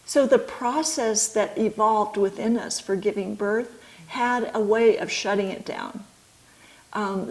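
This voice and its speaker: A middle-aged woman, an author and midwife, explaining her ideas slowly and thoughtfully in an interview. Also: a little high, darkish tone, rough recording.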